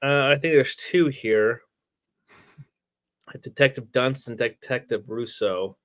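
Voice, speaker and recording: A man with an average-pitched voice co-hosts a relaxed TV review chat. He talks in an easygoing, jokey way, tossing in quick asides and references. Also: dry recording. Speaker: podcast co-host.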